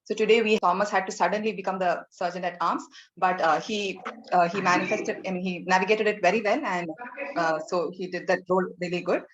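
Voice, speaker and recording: A woman's voice: lowish voice, fairly even intonation, a little fast, dull audio, crowd noise. A woman giving a general evaluator's report at a club meeting, repeating herself and filling gaps with fillers. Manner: repetitive, loose phrasing with fillers.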